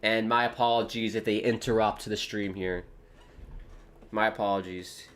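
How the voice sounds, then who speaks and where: A man hosting a live football watchalong from home, calling the action casually, joking and reading viewer comments aloud, loud and excited at near misses. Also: on the low side, normal speed. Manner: chatty, jokey, reads viewer comments aloud, gets loud at chances. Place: home with dogs nearby.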